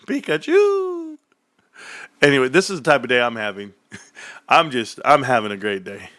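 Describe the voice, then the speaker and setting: A man hosting a casual livestream chat from his home desk, animated, swearing and laughing often. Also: mid-range voice, fairly quick. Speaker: livestream host.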